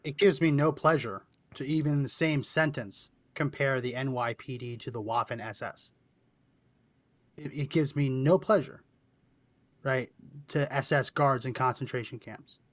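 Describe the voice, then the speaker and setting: Brief: male guest, mid-range, earnest and measured, dry mic. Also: medium pitch, no echo. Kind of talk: casual discussion.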